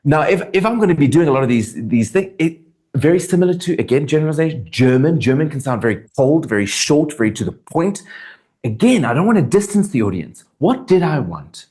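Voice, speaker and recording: Animated South African man, earnest. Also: fairly high pitch, fairly quick. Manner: animated, earnest, thinks aloud with restarts. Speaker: actor guest. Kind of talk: interview conversation.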